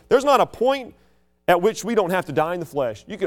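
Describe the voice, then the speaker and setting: A man preaching a sermon with passion, swinging between loud declarations and hushed asides. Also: big pitch swings, fast talker, faint music behind. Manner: mocks proud churchgoers in a sneering low voice.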